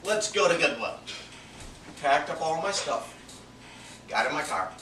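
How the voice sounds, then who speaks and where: Telling a personal story from the pulpit, this male minister speaks a little slowly in a slightly high, pushed, bright voice with wide pitch swings. His tone is earnest and confessional, sinking to a near-whisper for his private thoughts, captured from a distance with echo and faint background noise.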